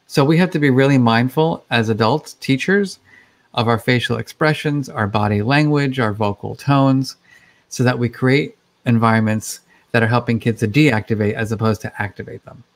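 Guy in an interview, middle pitch, talky and explaining, lots of "like" and "you know". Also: moderate pace. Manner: explanatory, chatty with many fillers. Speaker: guest expert on emotions. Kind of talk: conversational interview.

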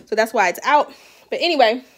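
A woman's voice: on the high side, lively intonation, fairly quick. A tired, pregnant woman in her thirties chatting casually at home for her vlog, rambling with fillers. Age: 30s. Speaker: vlogger. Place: home, indoors.

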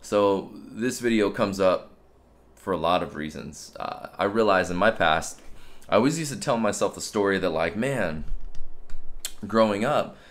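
A man's voice: low voice, lively intonation, unhurried. A man who works as a fitness trainer, talking candidly and reflectively in a casual self-help vlog. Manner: candid, reflective, conversational with fillers.

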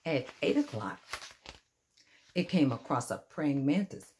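An older woman reading a children's picture book aloud in a gentle, expressive way, pausing to point out the pictures. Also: low voice, slight background noise. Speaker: storyteller.

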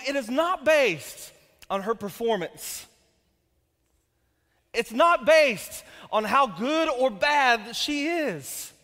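A man in his thirties preaching a sermon, telling stories with jokes and building to shouts. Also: very high-pitched, slow. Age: 30s. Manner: energetic storytelling with jokes, rising to shouts. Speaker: pastor. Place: church sanctuary. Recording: long reverb of a church hall.

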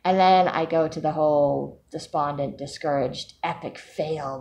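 A woman's voice: low-pitched, little pitch movement, measured pace, a little mellow, slight background noise. A woman talking casually to camera in a personal vlog, chatty and self-mocking, laughing often. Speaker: vlogger.

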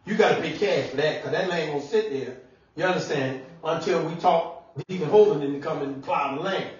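Man preaching, animated sermon, muffled dull sound, echoey room. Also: on the high side, brisk, recorded from a distance. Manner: animated, shouting at times, laughing, conversational preaching. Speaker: pastor. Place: church sanctuary.

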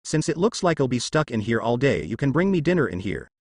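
A man's voice: medium pitch, very animated, quick pace, dry recording. Man reading a curt, scowling swordsman for a fanfic reading; dry, close sound. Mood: gruff. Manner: grunting, curt. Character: gruff grown male swordsman, scowling and curt.

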